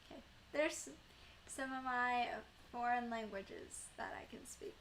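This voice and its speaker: Bright high-voiced young woman streamer. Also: measured pace, slight background noise. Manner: chatty, rambling, many fillers and laughs. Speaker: live streamer. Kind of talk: casual chat with live chat viewers.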